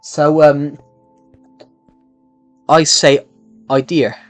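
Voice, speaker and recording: A man's voice: medium pitch, no room sound, soft background music. Young British man, thick rhotic accent. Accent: strong rhotic British regional. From United Kingdom. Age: young adult. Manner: deliberately slow, many restarts. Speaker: game streamer. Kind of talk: casual live-stream chat while gaming.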